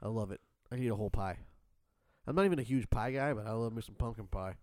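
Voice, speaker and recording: A man's voice: on the low side, quick pace, dry recording, clean studio sound. A man hosting a casual talk show, leading the playful banter. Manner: playful, lively host. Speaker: podcast host.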